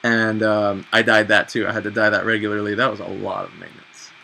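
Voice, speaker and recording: Bright-voiced chatty young man vlogging. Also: lowish voice, a little fast, vocal fry, slight background noise, poor audio. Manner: chatty, animated, self-mocking. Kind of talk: casual advice chat.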